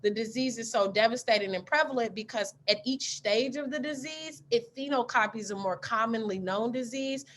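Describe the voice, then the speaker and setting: Woman, thirties, scientist speaker; slightly high voice, candid and animated, acts out dialogue. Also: moderate pace, few pauses, slight background noise. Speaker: postdoctoral scientist giving a talk. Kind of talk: storytelling talk.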